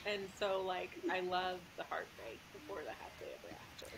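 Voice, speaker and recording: A woman's voice: fairly low pitch, animated, brisk, creaky, a crowd in the background, poor audio. A woman author, a guest on a podcast, chatting casually and laughing often.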